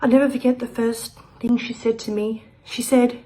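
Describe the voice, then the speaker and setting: A woman giving a comic spoken-word performance, rambling through an absurd story with frequent laughs, loud shouts and quiet muttered asides. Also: a little high, fairly even intonation, moderate pace. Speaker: open-mic performer.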